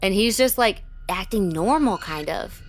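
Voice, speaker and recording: A woman's voice: medium pitch, animated, a little slow, over music. A woman hosting a podcast, telling a personal story in a candid, casual way, full of filler words and swearing. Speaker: podcast host.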